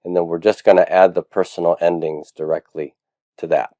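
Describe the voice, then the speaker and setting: A man's voice: low-pitched, little pitch movement, a little fast, dark tone, no room sound. A man teaching a recorded Latin grammar lesson, explaining patiently step by step with frequent "uh"s and drilling forms aloud. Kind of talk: recorded lecture.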